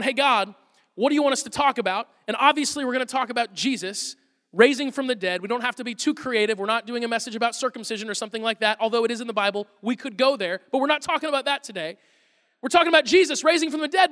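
A man's voice: very high-pitched, sharp tone. A man in his thirties preaching an Easter sermon as pastor, telling funny stories about his kids with self-deprecating asides. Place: church auditorium. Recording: long reverb of a large hall.

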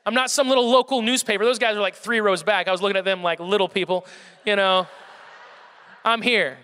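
A young man giving a comic storytelling talk to a live audience, animated and self-mocking with playful exaggeration. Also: high voice, fairly quick, smooth. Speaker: speaker addressing a live audience. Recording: long hall reverb.

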